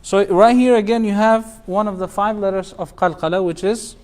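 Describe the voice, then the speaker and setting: A man's voice: high-pitched, steady tone, normal speed, a little mellow. A man, an imam, teaching a Quran recitation class, patiently explaining rules, quizzing students and chanting the verses melodically.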